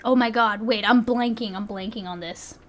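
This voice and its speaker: A woman's voice: on the high side, normal speed, a bit bright. A woman streamer chatting casually as she reacts to clips, thinking aloud and swearing freely.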